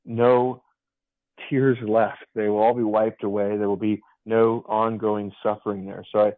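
A man's voice: fairly low pitch, little pitch movement, normal speed, no echo. A man, a pastor, speaking as a guest on a radio show in an encouraging, preacherly way. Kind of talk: casual radio conversation. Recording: tinny phone line.

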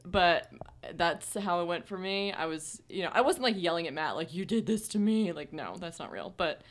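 Chatty young woman, low-pitched. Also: expressive, moderate pace, a bit bright. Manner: chatty, frequent "like" fillers, laughs often. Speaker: podcast co-host. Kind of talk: casual storytelling chat.

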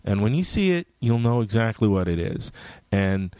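Man with a very low voice, middle-aged comic writer, animated storyteller, dry close sound. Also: normal speed, dry recording. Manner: animated, jumps into loud voices for quoted lines. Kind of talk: casual conversational storytelling.

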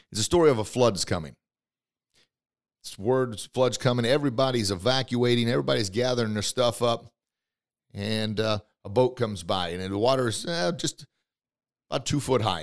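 Punchy motivational podcast man. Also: mid-range voice. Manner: energetic, acts out voices in stories; punchy, repeats short phrases for emphasis. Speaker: podcast host.

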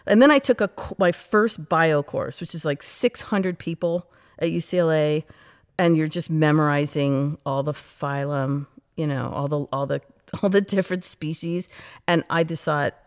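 A middle-aged woman from the United States, an interview guest, telling stories in a lively, chatty way and acting out her past self. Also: sits low, normal speed. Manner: animated, quotes her past self, frequent laughs and "like". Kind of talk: casual interview storytelling.

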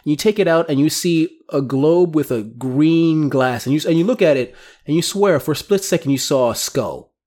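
A man narrating as game master in a tabletop game, describing scenes briskly with small stumbles. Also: fairly high pitch, expressive, darkish tone.

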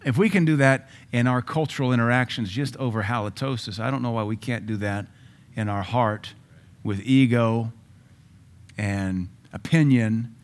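A man's voice: mid-range voice, normal speed. A male pastor giving a sermon in a conversational way, with sudden emphatic rises and asides.

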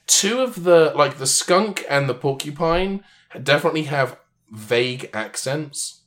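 A man's voice: fairly high pitch, animated, unhurried, fairly bright tone. A man co-hosting a podcast, chatting casually and riffing jokingly on tangents. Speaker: podcast co-host. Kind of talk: casual chat.

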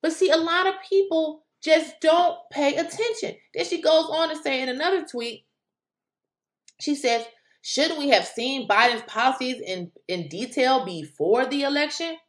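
A woman giving animated political commentary, incredulous and exclaiming at times. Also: sits high, moderate pace, echoey room. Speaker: commentary vlogger.

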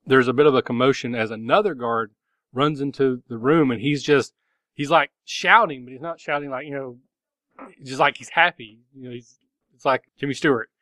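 A man game master narrates a tabletop session in a loose, rambling way, with plenty of fillers and restarts. His voice sits at an ordinary pitch and is recorded close and dry, with no room sound. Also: moderate pace, fairly bright tone, no room sound.

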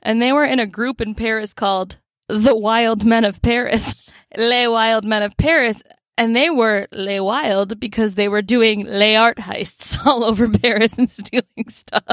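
A woman's voice: a little high, fairly even intonation, a little slow, dry recording, clean studio sound. A woman with a Midwestern accent co-hosting a podcast in casual chat, self-mocking and laughing often. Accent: Midwestern American. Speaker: podcast co-host.

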